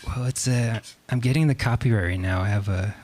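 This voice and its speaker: Male guest, mid-pitched, humble and halting, noisy live recording. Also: darkish tone. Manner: humble, laughs easily, halting. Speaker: guest author. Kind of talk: casual talk show chat.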